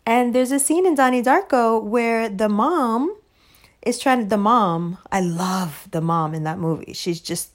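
A woman tells a story in a loose, casual monologue. She swears freely, leans hard on her points and breaks into laughter often. Her voice sits a little high. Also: lively intonation, unhurried. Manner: profane, emphatic, laughs often. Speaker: parent telling a story.

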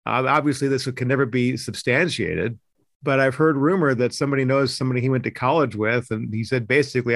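A man's voice: medium pitch, a little fast, vocal fry, fairly bright tone, no echo, clean studio sound. A man hosting a political talk podcast, talking emphatically and indignantly with frequent restarts. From Idaho. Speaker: podcast host, news editor.

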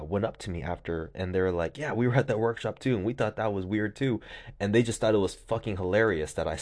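A man from California telling a story casually, animated, laughing often and swearing freely. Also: sits low.

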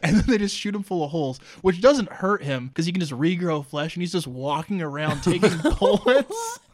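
A man recapping a fantasy novel in comedic chat, telling it with lively asides and silly put-on character voices. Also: sits high, normal speed, no room sound, studio quality. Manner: animated storytelling, putting on silly voices for characters. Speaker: podcast host recapping a book.

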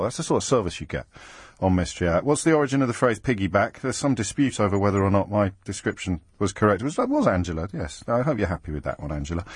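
Fast-talking, husky-voiced male radio host. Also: on the low side, darkish tone, no echo, studio quality. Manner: quick, teasing and chatty. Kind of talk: radio phone-in chat. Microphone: studio microphone.

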